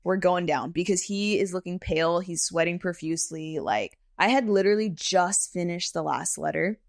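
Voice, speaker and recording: A woman in her thirties, a tattoo artist, chatting casually on a podcast and telling stories in an animated way, often saying "like" and "okay?". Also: on the low side, normal speed, gravelly, no echo, studio quality. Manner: animated storyteller, frequent "like" and "okay?". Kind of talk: casual podcast chat, storytelling.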